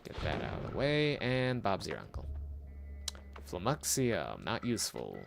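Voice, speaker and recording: A man's voice: low voice, wildly swooping pitch, unhurried, creaky, soft background music. A man streaming a game, giving casual commentary and muttering to himself in a chatty, self-mocking way.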